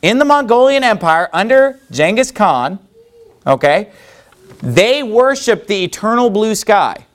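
A man's voice: high voice, very animated, measured pace. A man preaching a sermon in church, firing rhetorical questions at the congregation. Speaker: pastor.

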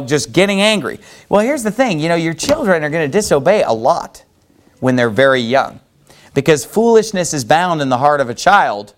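A man preaching a sermon as a pastor, emphatic and conversational, with frequent "you know" asides. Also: on the high side.

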